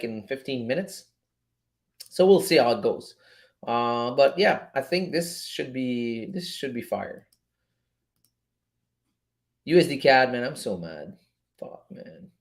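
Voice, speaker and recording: A man hosting a casual live stream on trading, laid-back and slangy, swearing often and filling pauses with "um". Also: medium pitch. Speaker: forex trading streamer host.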